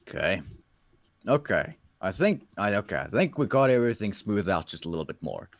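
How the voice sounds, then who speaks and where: A man's voice: lowish voice, sing-song, brisk. A man co-hosting a casual livestream book reading, chatting over an online voice call and fretting about connection trouble. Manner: apologetic, fussing over tech trouble. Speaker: co-host reading a book on stream.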